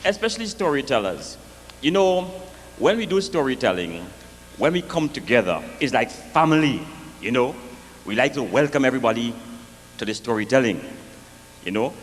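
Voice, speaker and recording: A man with a West Indian accent performing a live comic storytelling set, lively and jokey, with sing-song swings in pitch. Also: moderate pace, long pauses, in a large hall, slight background noise. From West Indies.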